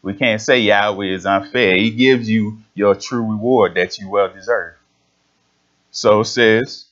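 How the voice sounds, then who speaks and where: A man's voice: on the low side, fairly even intonation, a little slow, fairly bright tone, lo-fi sound. A man preaching a sermon in an emphatic, conversational way, reading scripture aloud and explaining it.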